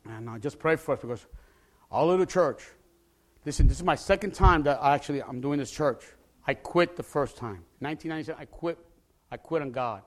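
A male pastor preaching a testimony with passion, often bursting into shouts and repeating words as he starts a phrase. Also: a little high, brisk.

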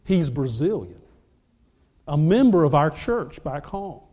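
A man preaching a sermon, telling a story with lively acted-out dialogue. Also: on the high side, a little slow. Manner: animated storyteller, acts out dialogue. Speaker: pastor.

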